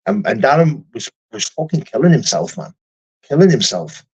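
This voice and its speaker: A man's voice: mid-range voice, big pitch swings, normal speed, darkish tone, slightly rough, lo-fi sound. A profane man rambling on a livestream. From United Kingdom. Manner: rambling and profane, with many restarts. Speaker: fighter hosting a livestream. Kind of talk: casual livestream chat, answering viewer comments.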